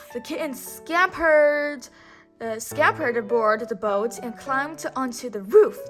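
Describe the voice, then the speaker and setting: A woman teacher reading a storybook aloud to children, slow and careful, pausing to correct herself and to ask the listener questions. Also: sits high, fairly bright tone.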